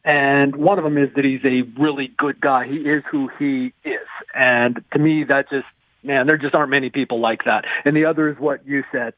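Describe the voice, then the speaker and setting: A man's voice: mid-range voice, steady tone, moderate pace, dry recording. A male sports columnist, a guest on a phone-in interview, talking in a friendly, rambling way with many restarts. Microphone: phone line. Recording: tinny phone line, dry.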